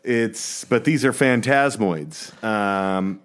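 Slow, halting deadpan podcast man. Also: on the low side. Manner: halting, full of "uh" fillers, deadpan. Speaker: podcast co-host. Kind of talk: comedic podcast banter.

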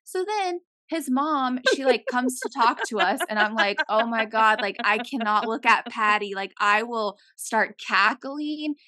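A young woman co-hosting a podcast, telling a casual story and acting out quotes with big jumps in pitch. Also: animated, measured pace, few pauses, pushed and bright, dry recording. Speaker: podcast co-host.

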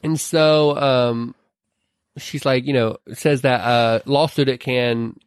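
A man's voice: medium pitch, steady tone, slow, clear, resonant tone, dry recording. Man retelling a movie, dry sound. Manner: retells scenes, acting out each character's lines; swears casually, laughs often. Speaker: podcast co-host. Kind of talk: casual movie-recap chat.

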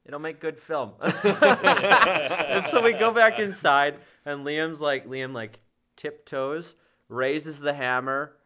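A man on a casual podcast, telling animated anecdotes and laughing often. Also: fairly high pitch, slow, a crowd in the background.

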